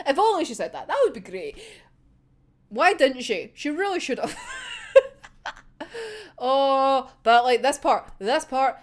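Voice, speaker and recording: A young woman ranting about a manga chapter in a casual fan reaction, excitable, swearing freely and laughing often. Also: sits high, unhurried, long pauses.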